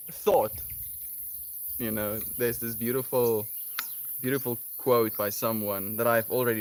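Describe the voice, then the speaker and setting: A man's voice: medium pitch, a little hiss or hum. Laid-back rambling male streamer. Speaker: livestream host. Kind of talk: casual livestream chat.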